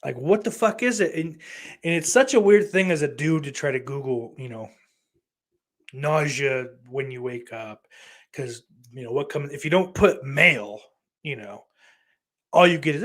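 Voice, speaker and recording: A man's voice: fairly high pitch, animated, normal speed, long pauses, a bit bright. A young man hosting a podcast, chatting casually in a rambling, profane, self-deprecating way. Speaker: podcast host. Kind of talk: casual livestream chat.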